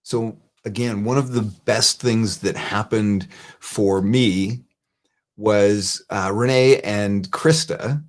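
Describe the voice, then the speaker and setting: Middle-aged male host, lowish voice, earnest and conversational, repeats key points. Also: steady tone, slow. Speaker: show host. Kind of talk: live-streamed advice talk.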